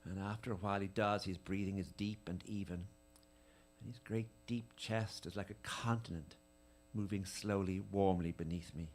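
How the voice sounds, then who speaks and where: A man giving a dramatic reading of letters at a live tribute event, with an intimate, measured, lingering delivery. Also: low-pitched, fairly even intonation, slight background noise.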